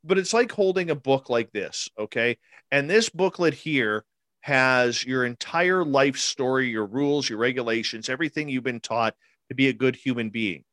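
A man in his forties, interviewed about an encounter, speaks at a moderate pace in a medium-pitched, fairly bright voice. He tells it with animation, emphasis, and repetition, voicing the quotes as he goes. There's no echo.

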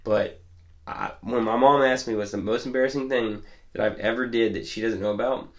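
A man's voice: mid-range voice, steady tone, fairly quick. A young man telling stories in a casual podcast chat, rambling and laughing often. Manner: laid-back rambling storyteller, laughs often. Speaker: podcast co-host.

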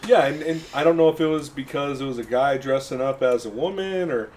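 A man's voice: mid-range voice, a little fast, darkish tone, slight background noise. A man hosting a podcast, chatting casually in a jokey way and laughing often. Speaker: podcast host. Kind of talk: casual chat.

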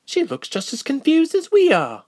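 A man voicing a smug, sharp-tongued woman elf in a storybook reading. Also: very high-pitched, wildly swooping pitch, moderate pace, no room sound, clean studio sound, pitched above the performer's own voice, exaggerated voice. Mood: scornful.

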